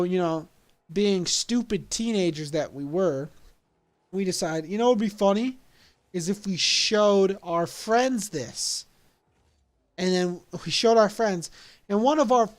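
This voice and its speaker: A young man telling a story casually, animated and laughing along at his own story. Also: sits high, slow. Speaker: vlogger.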